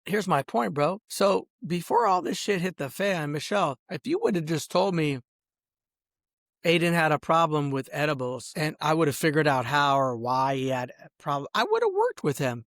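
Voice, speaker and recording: Angry gravelly guy ranting, says bro a lot, voice jumps way up, dry sound. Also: normal speed, a bit bright, no echo. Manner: profane, repeats "bro" constantly, jumps to shrill high outbursts. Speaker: vlogger ranting to camera. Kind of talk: angry personal rant.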